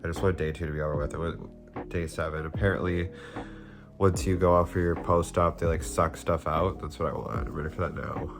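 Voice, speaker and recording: A man's voice: rumbling low, steady tone, brisk. A young man talking casually to camera at home, rambling with lots of fillers. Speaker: vlogger. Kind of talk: casual vlog talk to camera. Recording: background music, voice a bit distant. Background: soft background music.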